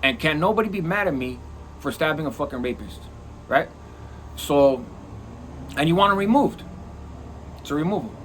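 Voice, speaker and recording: A middle-aged man telling a prison story in a casual, profane, animated way. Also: fairly high pitch, normal speed, pauses often, a little hiss or hum. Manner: animated, profane, acts out quoted lines.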